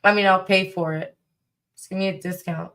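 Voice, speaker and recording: A woman's voice: on the low side, steady tone, moderate pace, fairly bright tone. A woman from the Chicago area with a Chicago accent, chatting and joking as a co-host on a casual livestream.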